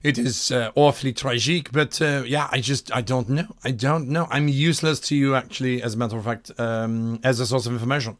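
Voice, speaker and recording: A man's voice: mid-range voice, fairly even intonation, fairly bright tone, dry recording, lightly acted. Man putting on a hammy French assassin. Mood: mock-tragic. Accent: put-on French. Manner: theatrical, slow and hammy. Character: scheming male French assassin spy.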